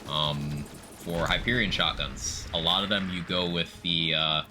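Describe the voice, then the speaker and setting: A man's voice: sits low, a little slow. A man streaming live, casually explaining game mechanics in detail while greeting viewers in chat. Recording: background noise.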